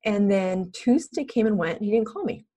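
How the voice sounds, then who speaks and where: A woman's voice: mid-range voice, moderate pace. A woman in her thirties, a podcast guest telling stories casually, laughing often and acting out other people's lines. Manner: animated, laughs often, acts out quoted voices. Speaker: podcast guest, recruiting firm founder. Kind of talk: casual interview storytelling.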